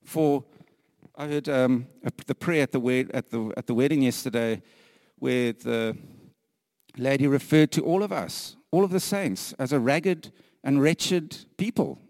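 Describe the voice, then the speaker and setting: A man preaching a sermon earnestly, repeating phrases for emphasis, sometimes dropping to a hushed whisper and laughing lightly between points. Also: mid-range voice, a little slow, dry recording, studio quality, big-room sound.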